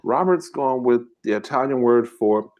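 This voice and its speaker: Expressive and a little mellow, a man with a mid-range voice hosts a live trivia game as a mukbang streamer, moving at a moderate pace. He reads out the questions and trades slangy, easygoing banter with his chat.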